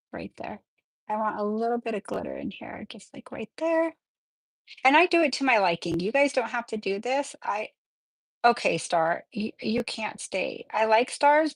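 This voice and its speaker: A woman hosting a live nail tutorial in a chatty, excitable way, often apologizing as she works. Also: on the high side, no room sound. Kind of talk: casual live-stream tutorial.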